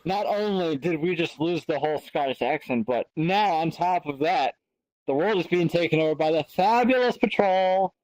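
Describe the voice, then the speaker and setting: A man's voice: fairly high pitch, lively intonation, normal speed, darkish tone, no echo, low-quality recording. A man hamming it up as an improv news anchor, full of stumbling restarts. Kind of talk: comedic improv, mock newscast.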